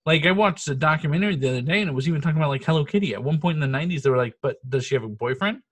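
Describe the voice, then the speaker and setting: Husky, swearing podcast co-host man. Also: a little high, racing. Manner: profane, laughing, animated storytelling. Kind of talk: casual chat reviewing a movie.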